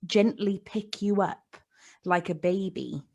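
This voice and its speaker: A woman's voice: medium pitch, takes it slowly, gravelly, mellow. A woman co-hosting a casual live-stream chat, telling teasing stories about a friend. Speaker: podcast co-host.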